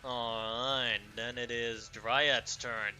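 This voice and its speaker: Bright-voiced man running a tabletop game. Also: mid-range voice, flat delivery, drawn-out words, faint music behind. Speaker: game master.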